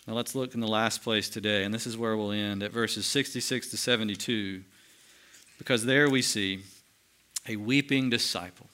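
An American pastor preaches a sermon from the pulpit in a bright, forceful, lowish voice. He shifts between lively, emphatic stretches and hushed, slowed solemn passages, addressing the congregation directly.

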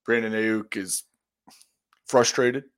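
A man's voice: lowish voice, fairly even intonation, slow pace, a bit bright, clear, resonant tone. A man co-hosting a podcast, talking casually in a thoughtful, rambling way. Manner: thoughtful, rambling with fillers and restarts. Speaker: podcast co-host. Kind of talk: casual chat.

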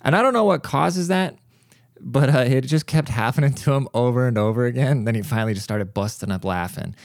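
A man's voice: mid-range voice, a little fast, no echo, studio quality. A man hosting a casual solo podcast, rambling and joking with plenty of swearing. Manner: rambling, profane, jokey storyteller. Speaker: podcast host. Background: cat crying at times.

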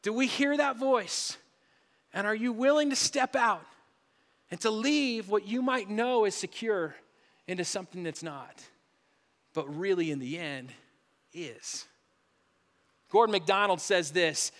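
A middle-aged man preaching a sermon as pastor. He tells stories with many restarts and drops to a hush on solemn lines. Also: high-pitched, unhurried, pauses often, long reverb tail. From Colorado.

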